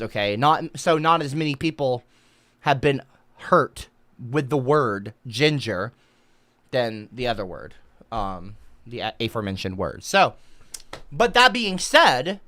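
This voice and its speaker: A woman's voice: extremely low pitch, dry recording. Woman streamer, comic rant, indignant, dry close sound. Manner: indignant, swings into shouted outbursts. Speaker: livestreamer. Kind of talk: comedic livestream rant.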